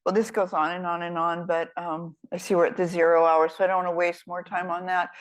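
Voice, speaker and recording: A woman's voice: fairly low pitch, flat delivery, a little fast, poor audio. An older woman, an author guest in a fireside chat, telling stories in a rambling, self-deprecating, humorous way.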